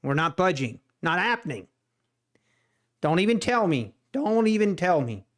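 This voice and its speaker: A man hosting a live day-trading stream, excitable, laughing often and repeating himself. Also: high-pitched, moderate pace. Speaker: day-trading livestream host.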